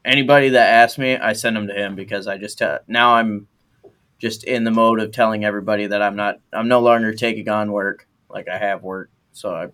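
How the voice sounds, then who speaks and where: A man's voice: lowish voice, fairly even intonation, a little fast, fairly bright tone. A man who makes hammers, chatting casually on a podcast, laid-back, swearing freely and laughing often. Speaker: blacksmith and podcast host. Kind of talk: casual chat.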